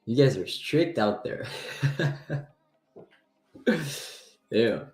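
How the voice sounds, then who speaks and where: A man's voice: medium pitch, big pitch swings, very slow, darkish tone, reverberant. A man whose first language is French, hosting a live trading stream and chatting playfully with viewers. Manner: chatty, playful, reacts to chat with laughs.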